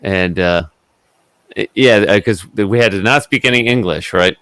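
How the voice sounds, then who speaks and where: Low, smooth-voiced man rambling casually. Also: normal speed, fairly bright tone, no room sound. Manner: rambling storyteller with many fillers and restarts. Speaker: guest in a livestream hangout. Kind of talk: casual chat.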